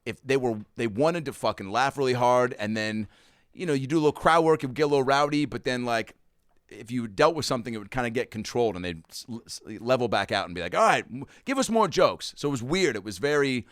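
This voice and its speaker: A man's voice: mid-range voice, animated, fast talker, dry recording, clean studio sound. A man telling a stand-up comedy story in casual chat, acting out the quotes with big jumps in his voice. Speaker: comedian guest.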